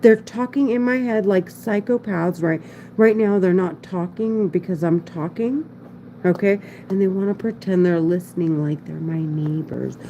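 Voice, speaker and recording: A woman speaks in a loose, rambling monologue with a mellow, warm voice. She talks with anxious insistence, circling back to the same points and often breaking off to restart, and a faint hiss sits behind her. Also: lowish voice, moderate pace, highs cut off. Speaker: vlogger. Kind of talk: casual monologue to camera.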